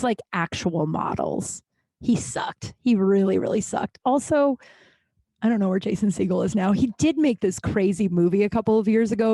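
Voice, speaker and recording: A woman in her thirties spins a rambling anecdote, dropping fillers and swear words as she goes. Her voice sits at an ordinary middle pitch. The sound is close and dry, with no room echo. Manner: chatty, profane, full of fillers and animated quoted voices. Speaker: podcast host. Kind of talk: casual storytelling.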